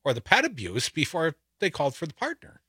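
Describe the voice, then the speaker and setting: A man's voice: a little high, wildly swooping pitch, a little fast, sharp tone, husky, no echo, studio quality. A man co-hosting a talk radio show, sarcastic and emphatic, taking calls and ranting about politics. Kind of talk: opinionated talk radio banter. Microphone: studio microphone.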